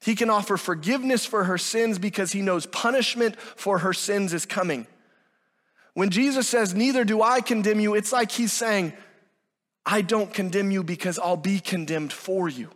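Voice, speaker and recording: Guy preaching, pretty high voice, acts out the quotes, big echoey hall. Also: normal speed, fairly bright tone. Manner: emphatic preaching, acting out quoted dialogue. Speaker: pastor. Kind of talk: sermon.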